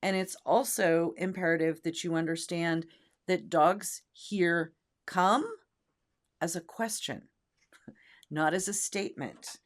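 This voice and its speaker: Emphatic woman co-host, fairly low voice. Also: steady tone, slow. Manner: emphatic, demonstrative, acts out tones of voice. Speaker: co-host, dog trainer. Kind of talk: casual podcast chat.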